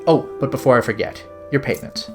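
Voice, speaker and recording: A man's voice: mid-range voice, a little fast, over music, lightly acted. A man putting on a suave fox detective, Vulpes. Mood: courtly. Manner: suave, courtly. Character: sly male fox private investigator, smooth and theatrical.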